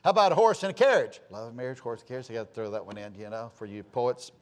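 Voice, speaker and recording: A man with a Southern US accent preaching a sermon, telling folksy stories and swinging between loud calls and low asides. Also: sing-song, fast. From Georgia, US. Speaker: pastor.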